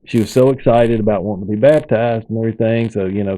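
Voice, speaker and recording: A man, hosting and telling stories in a lively, casual way and acting out the people in them. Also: lowish voice, fast talker, few pauses, poor audio. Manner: animated storyteller, acts out quoted people. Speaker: podcast host. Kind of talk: casual storytelling.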